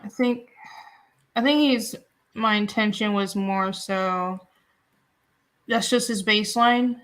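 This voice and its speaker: A woman's voice: medium pitch, slow, long pauses, a bit bright. A woman comic artist explaining her work in casual chat, friendly and laughing often.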